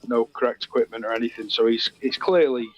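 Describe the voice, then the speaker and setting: A man's voice: mid-range voice, steady tone, quick pace, lo-fi sound. A man, co-hosting in a casual chat, joking and telling rambling anecdotes. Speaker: co-host.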